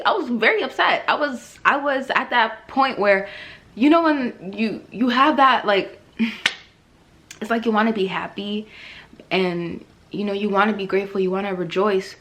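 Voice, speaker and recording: A woman's voice: on the high side, fairly bright tone. A young woman vlogger giving a casual, emotional faith testimony, rambling and laughing now and then. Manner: emotional, rambling, laughs often, many fillers.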